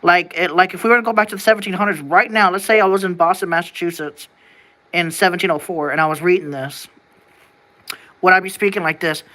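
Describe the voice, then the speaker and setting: A vlogger thinks out loud to the camera in a loose, wandering way. Sentences stop and restart as the questions pile up, with the odd curse thrown in. The voice is bright and sharp-edged. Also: mid-range voice, fairly even intonation, fast. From United States. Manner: rambling and wondering aloud, with frequent restarts and casual swearing. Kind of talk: casual musing to camera.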